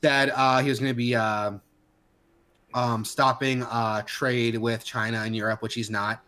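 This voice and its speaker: A man's voice: medium pitch, level tone, measured pace, sharp tone, clean tone. A man co-hosting a podcast, ranting heatedly in casual chat with many restarts and fillers. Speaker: podcast co-host.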